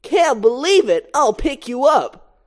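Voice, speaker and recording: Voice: high voice, big pitch swings, slow, pitched above the performer's own voice, exaggerated voice. A reader voicing a young male bee, the hero's laid-back best friend, in a casual, offhand tone.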